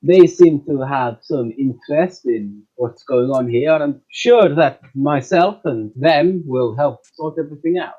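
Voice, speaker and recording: A man's voice: fairly high pitch, a little slow, hardly any pauses, mellow, slightly rough, muffled recording. A man voicing a big, strong male Goliath who speaks in a friendly, slightly formal way. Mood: reassuring.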